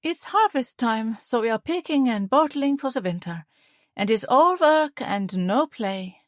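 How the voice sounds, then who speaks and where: A woman voicing a cheerful young woman painter who talks in a breezy, drawn-out way. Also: fairly high pitch, expressive, no room sound, studio quality, voice pushed up.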